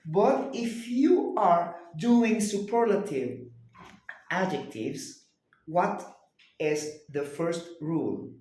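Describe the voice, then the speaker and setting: A man's voice: high-pitched, lively intonation, very slow, a little mellow. A male tutor patiently drilling a student on grammar rules, repeating answers back. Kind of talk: one-on-one grammar lesson. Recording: very echoey room.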